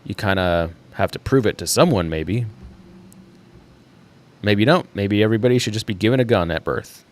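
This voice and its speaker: This young man hosts a casual solo livestream, his voice fairly low-pitched and expressive at a normal speed. He thinks aloud, rambling with fillers and laughing now and then.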